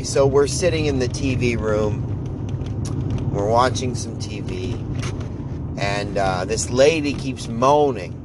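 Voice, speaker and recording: A man, hosting a podcast in a wry, rambling monologue full of halting restarts. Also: mid-range voice, background noise. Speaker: podcast host.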